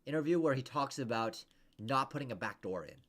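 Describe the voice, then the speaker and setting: A man's voice: mid-range voice, expressive, brisk, a bit bright. A man coaching over a video call, rambling casually with many restarts and fillers. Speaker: interview coach.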